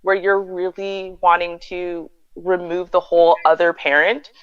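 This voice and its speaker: Low-voiced woman, muffled dry sound. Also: little pitch movement, clean tone, no echo. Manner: measured, explanatory. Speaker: host. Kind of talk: casual livestream advice chat.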